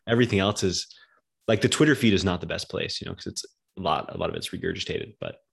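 A man's voice: low voice, fast, creaky, slightly rough. A young man from the United States, talking casually and loosely as a podcast guest, with lots of slang. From United States, outside New York City.

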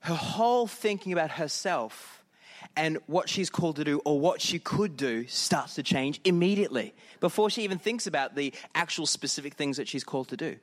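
Pastor with a slightly high voice. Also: male voice, expressive, normal speed. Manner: conversational, drops into prayer. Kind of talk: sermon.

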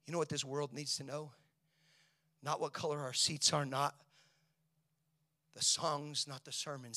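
High bright male preacher, dramatic swings. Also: flat delivery, measured pace, pauses often, no echo, studio quality. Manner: dramatic preaching, swings from soft whispers to loud high shouts. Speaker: pastor. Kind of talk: sermon.

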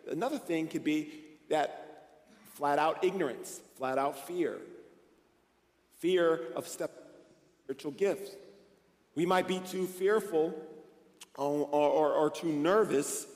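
Energetic male pastor with a high-pitched voice, preaching in a reverberant sanctuary. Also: slow, long pauses. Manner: energetic, animated and conversational, with bursts of excitement. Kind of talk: sermon. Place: church sanctuary. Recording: echoey church hall.

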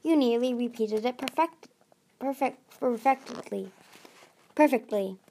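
A woman's voice: fairly high pitch, unhurried, gravelly, dark tone, a little hiss or hum. Woman reading as an oily pompous male dragon. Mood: smug. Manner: oily, officious. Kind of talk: audiobook reading.

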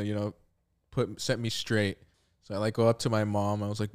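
A young man tells a long story on a podcast with friends. His voice is smooth and clear and sits a little low. He is laid-back, swears freely and leans on "like" between phrases. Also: fairly even intonation, a little fast. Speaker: podcast co-host. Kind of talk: casual storytelling chat.

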